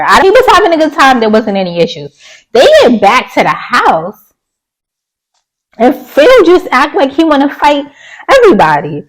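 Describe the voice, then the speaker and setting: A woman's voice: a little high, poor audio. A woman giving a casual, opinionated recap of a reality show, chatty and blunt, with sassy asides and mocking quoted voices. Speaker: YouTube reality-TV reviewer.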